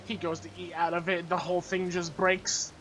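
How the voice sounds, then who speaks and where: A young man hosting a live stream, chatting casually with friends in a teasing, animated way, full of fillers. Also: sits high, normal speed. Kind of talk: casual chat among friends. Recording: slightly muffled mic with faint noise.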